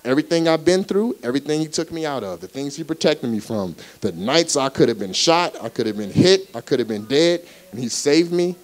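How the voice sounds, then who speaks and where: A young man gives a preached personal testimony at a church service. He talks casually, then repeats key phrases and builds them into loud, emphatic exclamations. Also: a little high, lively intonation, fairly quick, few pauses, rough recording. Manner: conversational asides and chuckles. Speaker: guest speaker at a church service. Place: church service before a live congregation.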